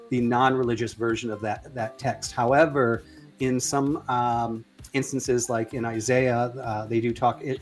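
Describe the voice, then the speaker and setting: A man leads a casual online discussion in an ordinary mid-range voice. He speaks hesitantly and keeps restarting his sentences with fillers. Faint music plays in the background. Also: medium pitch. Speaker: debate host.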